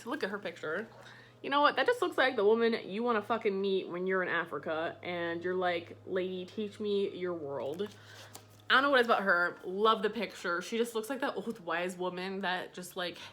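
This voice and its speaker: Chatty bright-voiced young woman vlogger. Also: medium pitch, a little fast. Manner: chatty, swearing, animated. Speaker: book vlogger. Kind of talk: casual chat to camera.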